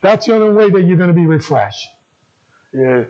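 A man's voice: sits high, animated, moderate pace, dark tone, muffled recording. A man preaching a sermon as a pastor, asking the congregation questions and repeating his key phrases.

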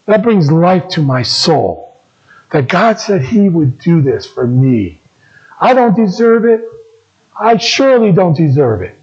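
A man's voice: fairly high pitch, very animated, a little slow, a little mellow, breathy edge, dull audio. A man preaching a sermon as a pastor, asking the congregation questions and repeating his key phrases.

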